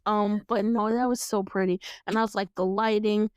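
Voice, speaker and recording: A young woman hosting a casual TV recap chat, animated and laughing, acting out lines in playful voices. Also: mid-range voice, moderate pace, clean tone, no echo. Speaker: podcast host.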